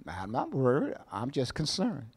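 A middle-aged man preaching a sermon as pastor, repeating his phrases, calling out for amens and swinging between loud bursts and quiet asides. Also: mid-range voice, huge pitch swings, moderate pace, slightly rough, big-room sound. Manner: call-and-response, asks the congregation for amens; repeats words and phrases for emphasis.

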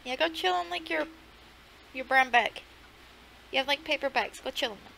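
A woman hosting a reaction video, talking in loud, profane, laughing outbursts. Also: sits high, animated, normal speed, creaky, a little hiss or hum, low-quality recording. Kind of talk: casual reaction commentary.

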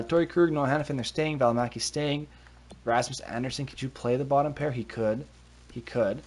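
A man's voice: medium pitch, a little mellow. Chatty man live-streaming a hockey game. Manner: chatty, thinks aloud, quick reactions. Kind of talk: casual live-stream commentary. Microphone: desk mic with a cover.

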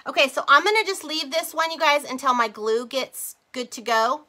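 Chatty bright-voiced woman crafting live. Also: high-pitched, moderate pace. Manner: chatty, rambling, laughs often, drifts off topic; talks to viewers as "you guys" and "y'all". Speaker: craft livestream host. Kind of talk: casual chat while crafting live.

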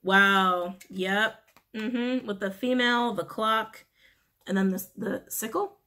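A woman giving a casual tarot reading in a blunt, frank manner, cursing freely when annoyed. She repeats her key phrases over and over and often stops to clear her throat. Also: medium pitch, takes it slowly, pushed and bright. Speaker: tarot reader.

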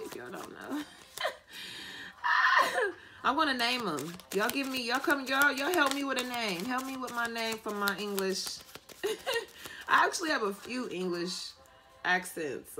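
A woman giving a casual tarot reading, playful and profane, often breaking into laughter. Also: mid-range voice. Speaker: tarot reader and life coach.

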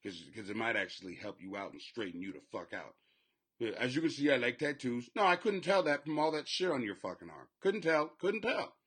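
A man's voice: mid-range voice, big pitch swings, brisk, slightly rough. Profane, rambling male podcast host. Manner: profane, rambling, loud swings in volume. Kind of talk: crude comedic commentary.

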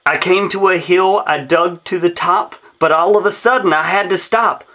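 A man's voice: high-pitched, normal speed, pushed and bright. A man reading a rhyming children's story aloud in a rhythmic, sing-song way. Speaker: storybook reader.

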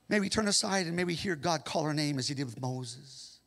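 A man preaching a Pentecostal sermon as pastor, swinging between fervent shouting and hushed, near-whispered passages. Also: high voice, lively intonation, fast, gravelly, few pauses.

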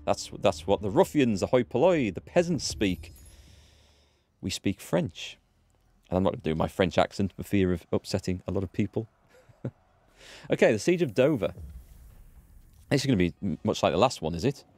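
A man's voice: deep voice, expressive, brisk, long pauses, a little mellow, no echo. A man giving casual, rambling commentary while he plays a strategy game, thinking aloud with a self-deprecating humour. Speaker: let's play host.

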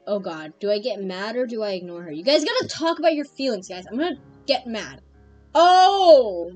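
A young woman streaming a game, chatting to her viewers in a loose, excitable way, laughing often. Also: mid-range voice, fast talker, faint music behind. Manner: excitable, laughing, addresses chat. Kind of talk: casual game commentary.

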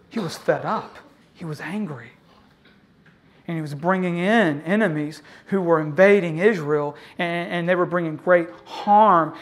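An impassioned pastor in the middle of a sermon, who calls out to the congregation for amens. The delivery swings from loud, pleading cries to quiet, low tones. The pitch sits in a middle range. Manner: call-and-response with the congregation.

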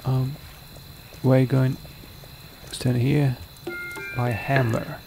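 A man's voice: mid-range voice, level tone, slow pace, creaky, darkish tone, soft background music. A man casually commenting on a strategy game as he plays, thinking aloud with many ums and reading out the game's prompts. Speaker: gaming video creator. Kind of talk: casual let's-play commentary.

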